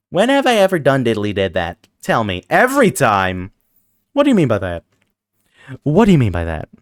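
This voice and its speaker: A streamer with a medium-pitched voice sounds tired partway through a long gaming session, casually reading out chat and playfully teasing viewers back. The studio sound is clean, with no echo.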